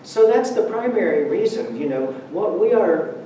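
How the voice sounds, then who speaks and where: This high-voiced man speaks at a normal pace with lively intonation and a dark tone, sharing laugh-filled stories conversationally during a Sunday church talk. Recorded in a roomy sanctuary from a distance, the audio has a little hiss or hum.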